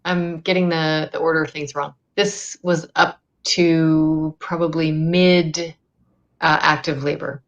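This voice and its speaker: A woman doula shares a story in easy conversation. Her voice sits fairly low. She talks quickly and stops to correct herself along the way. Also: flat delivery, muffled recording. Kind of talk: casual chat.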